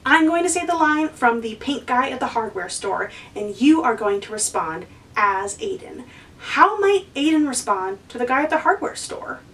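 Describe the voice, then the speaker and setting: A woman's voice: on the high side, sing-song, moderate pace, a bit bright, recorded from a distance, poor audio. A woman hosting a lesson for kids, encouraging and asking the viewer questions. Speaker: children's educator and host.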